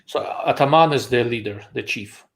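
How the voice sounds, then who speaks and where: Gravelly man hosting a live chat. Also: medium pitch, normal speed, a bit bright. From Russia. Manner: dry, blunt wisecracks. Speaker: host of a live show on rifle optics. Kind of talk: casual live-stream chat.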